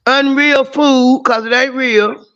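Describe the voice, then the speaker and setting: High, emphatic woman on dull lo-fi audio. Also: steady tone, slow, fairly bright tone, clean tone. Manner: emphatic, profane, storytelling. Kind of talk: casual chat.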